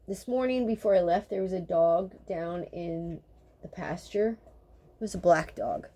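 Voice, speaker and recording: A woman in her fifties, a dental practitioner, talking casually in a slightly low voice. She vents in a blunt, sarcastic way, swearing freely and rambling from one exasperated story to the next. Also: warm tone. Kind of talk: casual venting monologue.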